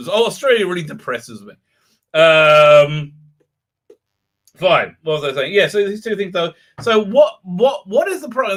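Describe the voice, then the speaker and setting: The livestream host, a man with a sharp, high-pitched voice, chats casually; laughs keep breaking into his words, and he rambles and starts over a lot.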